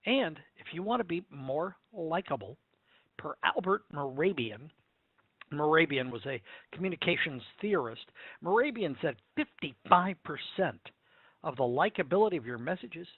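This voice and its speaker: Animated man on a tinny webinar line. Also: fairly high pitch, dry recording. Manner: animated storyteller, acts out quoted exchanges. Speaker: webinar presenter. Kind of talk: lively presentation with anecdotes. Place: home office at computer. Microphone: webcam setup about a yard from computer. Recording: tinny narrow-band webinar audio, dry.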